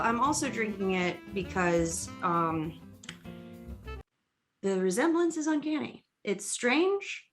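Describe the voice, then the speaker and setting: A woman's voice: lowish voice, a bit bright. A woman hosting a comedic drinking chat show over a video call, teasing and bawdy with her guests. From United States. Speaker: host.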